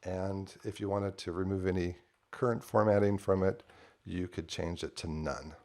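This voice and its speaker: Low gravelly-voiced man demoing code. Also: steady tone, moderate pace, a little mellow. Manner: loose and conversational with frequent fillers. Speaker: software developer demoing a project. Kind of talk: casual screen-share tutorial.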